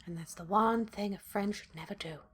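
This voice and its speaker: A woman's voice: medium pitch, fairly quick, fairly bright tone, slightly rough. Profane woman gamer reading a horror game. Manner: dramatic reading broken by blunt, profane asides. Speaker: let's play gamer.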